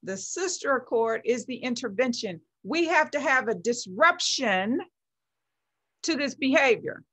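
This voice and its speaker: Slow, emphatic higher-voiced woman. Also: lively intonation, bright, forceful tone. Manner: emphatic, builds phrases by repetition. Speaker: guest, founder of a women's movement. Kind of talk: passionate motivational talk.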